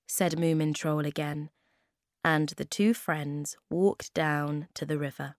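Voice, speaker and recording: A woman narrating a children's storybook chapter, reading in a clear, gentle way. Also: low voice, steady tone, takes it slowly, no room sound, clean studio sound. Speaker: storybook reader.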